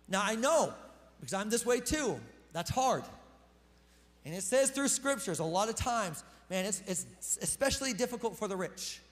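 A man preaching in a loose, chatty way, tossing in slang and jokes at his own expense. His voice sits very high for a man, and it rings out with a long echo from a big hall. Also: animated, moderate pace, a bit bright. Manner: casual, conversational preaching with slang and self-deprecating asides. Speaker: pastor. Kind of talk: sermon.

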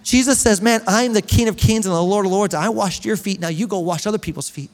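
Man, pastor, animated sermon, high voice, long hall reverb. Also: fast talker. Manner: animated preaching, reading scripture aloud. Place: church hall.

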